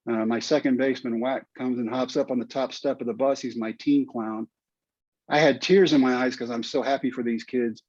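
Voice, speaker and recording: A man's voice: medium pitch, darkish tone, dry recording. A man, earnest and heartfelt as he recounts his story. The audio is dry and slightly muffled, like a modest podcast setup. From United States. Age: 50s. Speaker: guest, former pitcher and teacher. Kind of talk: storytelling interview.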